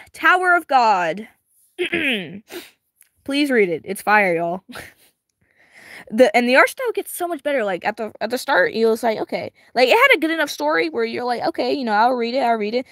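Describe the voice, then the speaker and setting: A woman reacting to a webtoon as she reads it, excitable and giggly, chatting to her viewers in slang, her voice a little strained and tired. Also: fairly high pitch, moderate pace, no room sound, studio quality. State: strained, tiring voice. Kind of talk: casual reaction reading.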